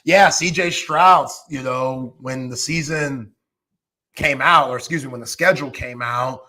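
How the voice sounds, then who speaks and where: A man hosting a casual sports talk show, laid-back and quick to laugh. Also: medium pitch, pushed and bright.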